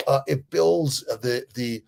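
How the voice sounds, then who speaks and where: A man's voice: mid-range voice, slow pace, gravelly, darkish tone. A middle-aged man hosting a casual morning livestream, greeting viewers by name and giving rambling, upbeat motivational health talk. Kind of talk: casual livestream chat reading viewer comments. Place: indoors.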